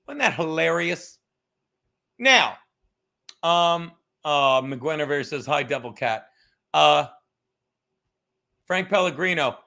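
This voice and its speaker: Man, high-pitched, gravelly, bright tense tone, profane sarcastic home podcast rant. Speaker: comedy podcast host. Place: home apartment.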